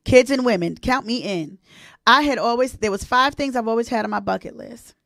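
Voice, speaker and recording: A woman's voice: fairly high pitch, brisk, vocal fry, a bit bright, no room sound, clean studio sound. Chatty, emotional woman in her forties. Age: 40s. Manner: chatty and emotional, addressing viewers as y'all. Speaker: host. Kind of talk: casual live-stream chat.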